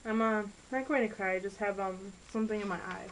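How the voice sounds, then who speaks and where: A touchy teenage girl with a tendency to hesitate, as a woman reads her in a homemade storybook recording. The pitch is ordinary. She sounds easily hurt. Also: brisk, slight background noise, natural voice, poor audio.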